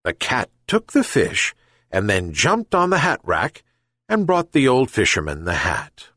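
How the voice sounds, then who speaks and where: Slow, expressive male storybook reader. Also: medium pitch, no echo, studio quality. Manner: slow, deliberate reading for learners. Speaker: audiobook reader. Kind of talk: scripted storybook narration.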